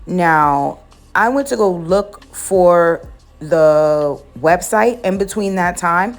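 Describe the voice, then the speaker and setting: A young woman from the Bronx, telling a casual, animated storytime for her vlog in a slangy, sassy way. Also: fairly low pitch, slow pace, faint music behind. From the Bronx, New York. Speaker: nail and beauty vlogger.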